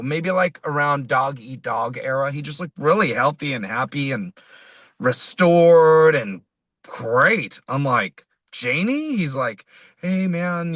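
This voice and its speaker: In a fairly high voice with no room sound, the man, a musician guest in an interview, rambles animatedly through a story. He plays out the quoted conversations as he tells it.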